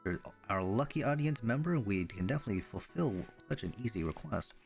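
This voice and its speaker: A man's voice: fairly low pitch, animated, fairly quick, gravelly, darkish tone, faint music behind. A man reading the lines of a cheerful young woman pop idol in an upbeat, friendly way.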